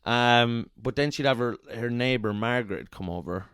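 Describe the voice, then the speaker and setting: A man's voice: medium pitch, normal speed, a bit bright, clear, resonant tone, no room sound, clean studio sound. A man co-hosting a podcast, telling crude, rambling stories in a casual comedic chat. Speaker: podcast co-host.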